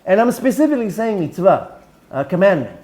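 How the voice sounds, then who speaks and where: A man's voice: sits high, sing-song, fairly quick, a little mellow. A man, a rabbi giving an earnest religious lecture, often repeating words and mixing in Hebrew terms.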